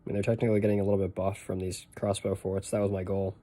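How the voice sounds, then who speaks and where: A man's voice: deep voice, level tone, rapid-fire, mellow. A young man from the northeastern United States with a Boston accent, chatting casually on a game stream, rambling and answering his chat while he plays.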